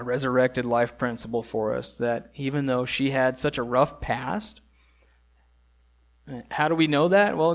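A man preaching a sermon, earnest and emphatic, repeating key phrases and asking rhetorical questions. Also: mid-range voice. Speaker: pastor.

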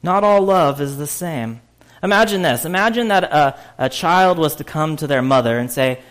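A man preaching a conversational sermon, full of fillers and restarts, with sudden loud, laughing bursts. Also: a little high, moderate pace. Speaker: pastor.

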